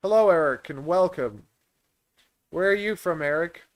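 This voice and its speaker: A man's voice: on the high side, animated, moderate pace. A man, hosting a live Q&A stream in a rambling, easygoing way. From Canada. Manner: chatty, rambling, laughs easily. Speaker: reptile breeder and stream host.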